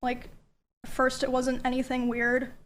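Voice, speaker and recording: A woman calmly recounting events in a measured, steady explanation. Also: high-pitched.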